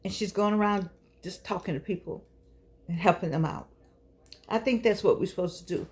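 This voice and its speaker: A woman's voice: mid-range voice, normal speed, darkish tone. An older woman hosting her own show, talking to her audience in a fussing, encouraging, preachy way. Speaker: show host. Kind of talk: casual talk to camera.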